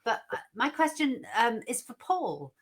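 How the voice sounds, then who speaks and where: A woman's voice: a little high, very animated, a little slow, slightly rough. A woman co-hosting a casual online show over a video call, asking the guests friendly questions.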